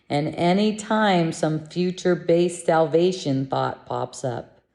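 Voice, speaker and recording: A woman giving a gentle, meditative spiritual lesson, speaking in a soothing, unhurried way. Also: fairly low pitch, big pitch swings. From living in Mexico. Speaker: spiritual teacher.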